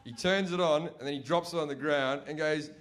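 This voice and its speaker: High-voiced comic telling stories. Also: male voice, brisk. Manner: profane, animated, acts out family members' voices. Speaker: stand-up comedian. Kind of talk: stand-up storytelling. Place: comedy stage before a live audience.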